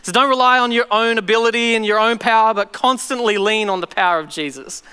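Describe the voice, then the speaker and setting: A man's voice: high voice, fast talker, pushed and bright, clean tone, in a large hall. A man preaching a sermon to his church, telling stories animatedly and acting out voices. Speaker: pastor.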